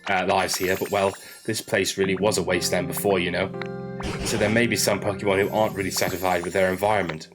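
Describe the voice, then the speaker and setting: Man reading a polite town leader, slow courteous asks, a bit unwell, low voice, game music under it. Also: level tone, lightly acted. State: under the weather.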